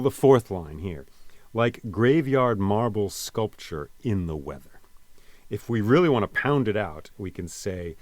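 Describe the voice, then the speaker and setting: A man's voice: sits low, no echo. A man giving a reflective spoken lesson on a poem, reading lines aloud and explaining them with casual asides. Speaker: poet and teacher.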